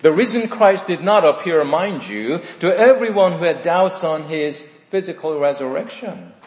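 A male pastor, preaching a sermon in slow, emphatic phrases with dramatic pauses, in a church. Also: fairly high pitch, expressive. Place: church sanctuary. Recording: echoey hall with long reverb.

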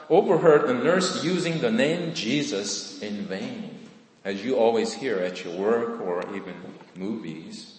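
A male pastor delivers a sermon in an earnest, emphatic way, leaning on his key points. His voice sits at an ordinary middle pitch. It rings out with a long reverb through a large church hall.

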